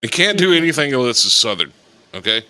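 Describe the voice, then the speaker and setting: Bright-voiced joking man. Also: mid-range voice, very animated, quick pace, dry recording, low-quality recording. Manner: joking, riffing. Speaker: radio show co-host. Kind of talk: casual comedic chat.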